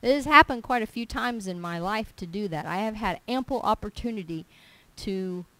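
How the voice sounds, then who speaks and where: Animated woman giving a faith testimony. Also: medium pitch, moderate pace, poor audio. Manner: animated storyteller, emphatic, acts out dialogue. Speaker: church speaker giving testimony. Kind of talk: testimony sermon.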